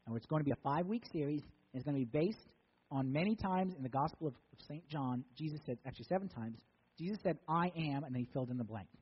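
A male pastor preaching a sermon in a church, telling a story that swings between loud and soft. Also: a little high, expressive, fast talker, long reverb tail, highs cut off, slight background noise.

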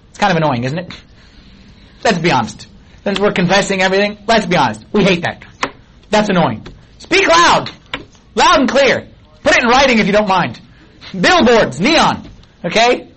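A man's voice: sits high, a bit bright, slight background noise, low-quality recording. A middle-aged man preaching a sermon as a pastor, talking in a conversational way and asking many questions of his listeners.

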